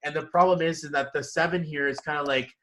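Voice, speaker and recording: A man giving a casual one-on-one numerology reading, animated and quick to laugh. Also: a little high, poor audio. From Canada. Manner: animated, laughs often, acts out inner voices. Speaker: numerology consultant.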